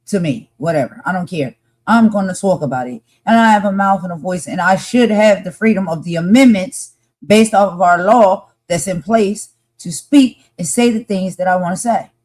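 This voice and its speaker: A woman's voice: on the low side, darkish tone. A woman co-hosting a live podcast discussion, talking passionately and emphatically and repeating her points for force.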